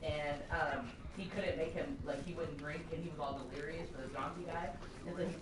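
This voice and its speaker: A woman's voice: deep voice, fairly even intonation, a little fast. A woman casually retelling a story to her friends, rambling, swearing freely and laughing as she goes. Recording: roomy, distant and noisy.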